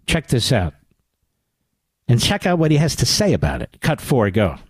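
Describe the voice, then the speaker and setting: A man's voice: medium pitch, wildly swooping pitch, moderate pace, husky, no echo. A man hosting a radio talk show, giving combative political commentary, sarcastic and indignant, often climbing into pointed rhetorical questions on a studio mic.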